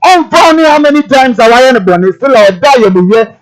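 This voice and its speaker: High-voiced man explaining scripture. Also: animated, fairly quick, low-quality recording. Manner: expounding on scripture, repeating each verse and explaining it; mixes Twi with English phrases. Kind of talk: TV talk show discussion.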